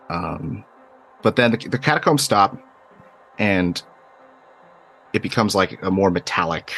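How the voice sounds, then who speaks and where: A man's voice: low-pitched, fairly bright tone. A man running a tabletop game, describing scenes loosely with lots of fillers, over faint music. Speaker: game master.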